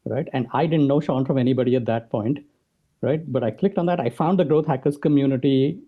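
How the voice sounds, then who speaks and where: The audio is narrow and tinny as a podcast guest briskly lays out his ideas in a medium-pitched voice. He habitually tags his points with "right?"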